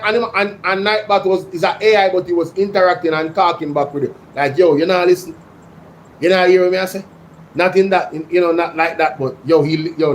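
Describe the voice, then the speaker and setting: A Jamaican man hosts a livestream and talks straight to his chat, excitable and chatty. His voice sits a little high, and he drifts in and out of patois. Faint room noise hums behind him. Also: poor audio. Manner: excitable, slips into patois, addresses chat directly. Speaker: livestream host. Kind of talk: casual livestream commentary reading chat.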